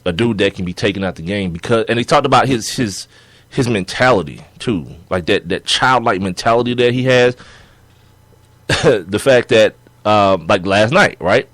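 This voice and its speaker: A young man co-hosting a sports podcast in casual chat, animated and laughing as he argues his points. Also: lowish voice, normal speed, no room sound. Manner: animated, laughing, acts out players' quotes.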